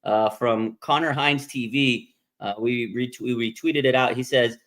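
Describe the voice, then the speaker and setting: A man hosting a casual sports livestream, rambling excitedly and reading viewer comments aloud. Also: mid-range voice, measured pace. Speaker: sports podcast host.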